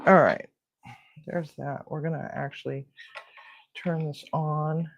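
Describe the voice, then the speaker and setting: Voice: mid-range voice, flat delivery, slow pace, vocal fry, muffled recording. A host chatting casually on a live cooking stream, talking to viewers and grumbling to themself while cooking in a home kitchen.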